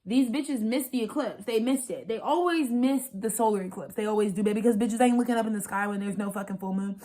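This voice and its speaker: A young woman in her twenties giving an unscripted spiritual vlog monologue, fast, profane and emphatic, repeating her points. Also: fairly high pitch, dark tone. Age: 20s. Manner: rapid, profane, emphatic and repetitive. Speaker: astrologer and spiritual channeler.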